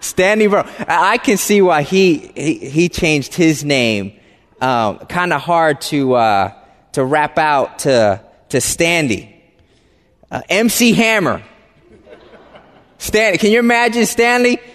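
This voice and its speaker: A man telling a personal story to an audience in an animated, halting way, often repeating words as he starts a phrase. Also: on the high side. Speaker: speaker addressing an audience. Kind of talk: storytelling talk. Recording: reverberant hall.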